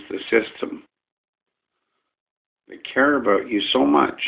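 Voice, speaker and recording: A man's voice: fairly low pitch, vocal fry, phone-quality sound. A man ranting to camera in a rambling, folksy, profane way, as a vlogger airing his gripes.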